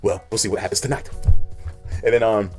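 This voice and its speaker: A young man giving casual countdown commentary, recapping storylines in a rapid, animated way with plenty of slang. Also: on the low side, faint music behind. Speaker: video creator.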